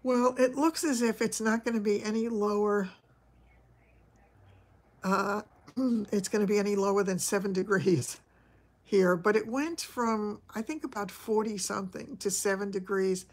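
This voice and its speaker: Older new york lady chatting w her livestream viewers, slow easy talk, laughs a lot, keeps clearing her throat. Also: medium pitch, steady tone. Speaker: vlogger host, former actress. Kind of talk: casual livestream chat reading viewer comments.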